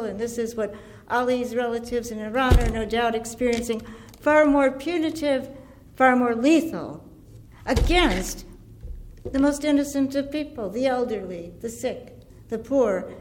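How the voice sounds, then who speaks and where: A woman giving an impassioned antiwar speech, earnest and deliberate, building her points through lists. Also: on the high side, darkish tone, slight background noise. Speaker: antiwar activist speaker.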